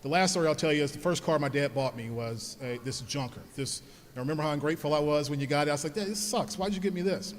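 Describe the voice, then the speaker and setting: A man giving a heartfelt speech at an alumni event, telling personal stories and speaking softly when he thanks his parents. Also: a little high, fast talker. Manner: earnest, storytelling, grows soft when thanking his parents. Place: large hall at an alumni event. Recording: long hall reverb.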